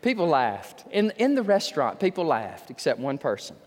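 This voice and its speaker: A male pastor preaching with animated, humorous storytelling. His voice is high and swings widely in pitch. It rings in a long hall reverb. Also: normal speed. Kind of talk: sermon.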